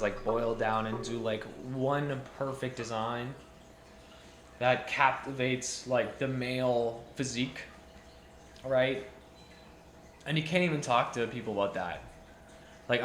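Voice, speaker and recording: Young man, jeweller, impassioned rant, repeats himself, bright forceful voice, echoey room. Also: mid-range voice, a little hiss or hum. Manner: passionate, ranting, repetitive restarts, emphatic repetition. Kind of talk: impassioned monologue to camera.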